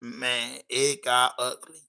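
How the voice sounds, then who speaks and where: Bright-voiced man chatting casually. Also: medium pitch, completely flat delivery, takes it slowly, vocal fry, clear, resonant tone, rough recording. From Baltimore. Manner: loose, emphatic, peppered with "you know what I'm saying". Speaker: podcast host. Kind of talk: casual livestream chat.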